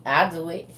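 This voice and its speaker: A woman delivering a comedic monologue in a slangy, animated way, often breaking into laughter. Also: fairly low pitch, a little hiss or hum. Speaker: comedian vlogger.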